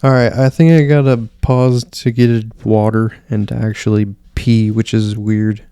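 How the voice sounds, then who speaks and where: A man's voice: on the low side, little pitch movement, normal speed, mellow, clean tone, no room sound, studio quality. A man hosting a casual solo podcast, rambling and swearing in an offhand way. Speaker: podcast host.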